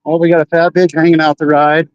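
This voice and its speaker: A man with a high voice chats casually to his stream while out on the streets at night. He rambles, swears freely and leans on fillers. The sound is dull and lo-fi, dry and close. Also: level tone, fast, clean tone, no room sound. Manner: rambling, profane, full of fillers. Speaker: livestreamer. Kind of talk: casual livestream chat. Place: outdoors on city streets at night.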